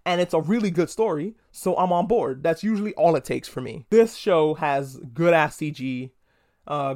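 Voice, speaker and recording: A man hosting a podcast, giving a casual, rambling solo review full of swearing and jokey asides. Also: on the high side. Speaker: podcast host reviewing a TV episode.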